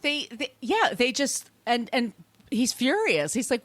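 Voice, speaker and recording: A woman hosts a podcast and tells a history story in a rambling, conversational way, restarting sentences and swearing now and then. Her voice is on the high side with big pitch swings, a little slow, and the recording is dry. It's a casual storytelling chat.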